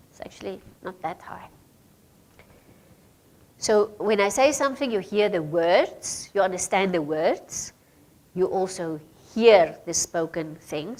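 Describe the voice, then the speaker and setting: Woman, namibian english accent, workshop trainer, lowish voice, slow unhurried pace, quizzes her trainees. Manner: questions the group, hesitant fillers. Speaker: radio training facilitator.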